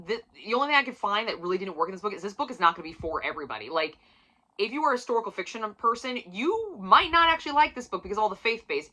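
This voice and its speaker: Emphatic, bright-voiced woman reviewing a book. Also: on the high side, rough recording. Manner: emphatic, profane, swings from loud to near-whisper. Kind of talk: casual book review vlog.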